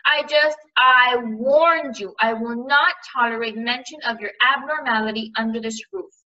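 A woman's voice: on the high side, moderate pace, recorded from a distance, muffled recording, pitched above the performer's own voice. A woman playing a thundering, furious uncle. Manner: shouting, thundering. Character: blustering angry middle-aged uncle.

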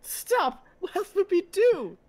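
A man's voice: sits high, measured pace, heavily acted. A man voicing a tall, spindly robot soldier who is zealous and naive and stammers often. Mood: puzzled. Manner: stammering, naive, swings between solemn and excitable.

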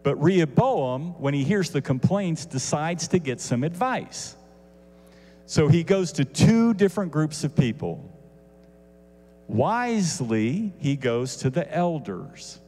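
A man teaching a Bible lesson casually, animated, with asides to his listeners. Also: on the high side, slow pace, in a large hall.

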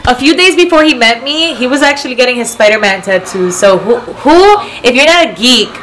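A woman's voice: a little high, expressive, brisk, background noise. A woman vlogger, around her twenties, telling a story in casual chat and giggling often.

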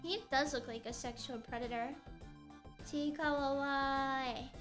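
Young girl streamer rambling about her day while crafting, high bright voice, bit of music playing low. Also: fairly even intonation, a little slow. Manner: rambling, playful, chatty with restarts.

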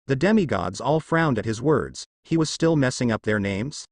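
Man narrating fan fiction, expressive, animated pitch, dry sound. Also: normal speed, few pauses, no room sound. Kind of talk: reading fan fiction aloud.

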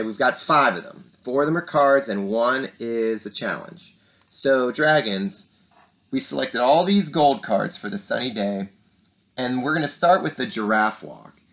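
A man's voice: mid-range voice, creaky, fairly bright tone. A man hosting upbeat morning announcements for schoolchildren, reading letters and leading exercises. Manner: upbeat, speaks to kids with rising emphasis. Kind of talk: lively morning announcements for children.

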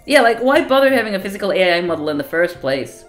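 Give me a woman live-streaming a visual novel, reading it aloud in a lively, up-and-down voice. She often cuts herself off, flustered and laughing, with wry remarks between lines. Soft game music sits in the background. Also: medium pitch, fast talker. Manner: wry, laughing asides and flustered self-interruptions.

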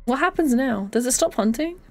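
High-voiced chatty woman streamer. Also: lively intonation, a little fast, a little mellow. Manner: chatty, breaks into shrieks and laughter when startled. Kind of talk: casual live gameplay chat.

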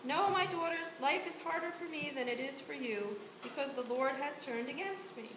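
A woman's voice: high voice, normal speed, close to an everyday voice. A woman volunteer reading the part of Naomi, a grieving widow, aloud in church. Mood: pleading. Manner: earnest plain read-aloud delivery. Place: church sanctuary. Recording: echoey church room with hiss.

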